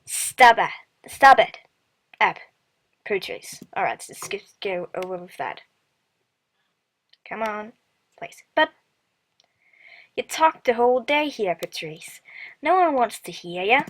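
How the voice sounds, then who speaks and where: A woman's voice: medium pitch, big pitch swings, measured pace, pauses often, poor audio. A woman hosting a let's play from a computer mic at home, chatting casually, giggling and reading the game's text aloud. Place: house with family around. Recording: music playing behind.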